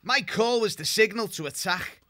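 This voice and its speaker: A male narrator plays a shrew chieftain who talks brisk and practical. His voice is very bright and sharp, and pitched high. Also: expressive. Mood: matter-of-fact. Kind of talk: audiobook character voice.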